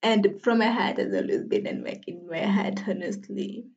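A young woman in her twenties chats alone into her podcast mic, mid-pitched and easygoing. She laughs a lot and teases herself as she rambles. The recording sounds a little dull and lo-fi. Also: moderate pace, vocal fry, darkish tone. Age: 20s. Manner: chatty, laughs often, self-deprecating. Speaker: podcast host. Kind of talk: casual solo podcast chat.

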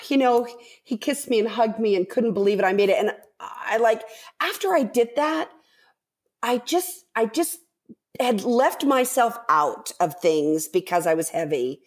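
Podcast guest, woman, animated storyteller who acts out the voices of others. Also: fairly high pitch, a little slow. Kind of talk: casual storytelling.

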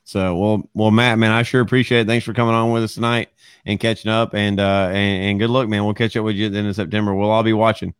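A young man hosting a casual podcast, relaxed and stammering, often repeating words and calling people dude and man. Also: on the low side, fast talker, smooth, no room sound. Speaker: podcast host.

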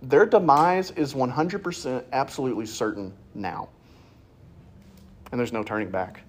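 A man teaching a casual Bible class in a church classroom, joking and animated, his voice jumping high when he makes a point. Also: normal speed.

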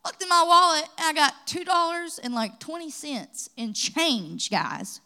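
A woman's voice: high-pitched, a little slow. A woman from the pastoral staff with a Kentucky accent, preaching at a church Bible study and mixing personal testimony with scripture. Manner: lively storytelling, rising to exhortation. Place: church sanctuary.

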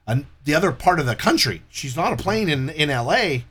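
Slightly rough and a bit high, this man's voice runs a little fast as he spins a lengthy tale in relaxed conversation. The storyteller guest curses freely and lively performs what everyone said.

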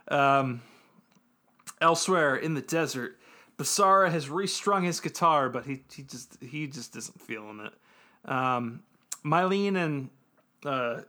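A man's voice: fairly high pitch, sharp tone. A man on a podcast, casually recapping an episode, rambling with lots of ums and little laughs. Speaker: podcast co-host.

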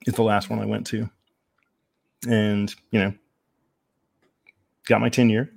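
A man talking as a podcast guest, telling his personal story in a candid, reflective, measured way with frequent pauses and ums. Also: on the low side, little pitch movement, creaky, a little mellow, husky.

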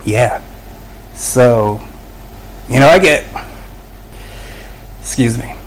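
Speaking very slowly in a medium-pitched voice, a middle-aged man appears as a guest on a podcast. He shares his personal recovery with emotional candor, laughing frequently throughout the conversation.

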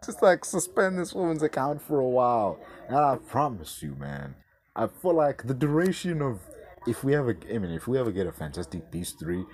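Male podcast host, mid-pitched, lively swoops, exasperated and profane, sarcastic rant. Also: moderate pace, a little hiss or hum. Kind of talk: ranting podcast commentary.

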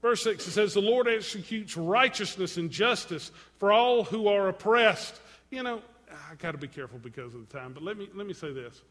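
High, bright-voiced man preaching in a hall. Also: animated, moderate pace. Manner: dramatic, swings between loud and hushed, acts out quotes. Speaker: pastor. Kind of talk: sermon. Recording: long reverb in a hall.

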